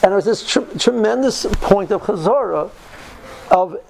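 A man's voice: high-pitched, lively intonation, moderate pace, gravelly, a little mellow, slight background noise, poor audio. A man in his fifties telling stories in a casual talk, earnest and driving his points home by repeating phrases. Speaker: speaker recounting yeshiva study.

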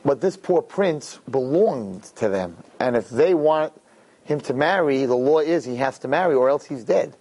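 A man telling a parable in a conversational, animated way, often checking in with "right?". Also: medium pitch, normal speed. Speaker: storyteller. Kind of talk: animated storytelling talk.

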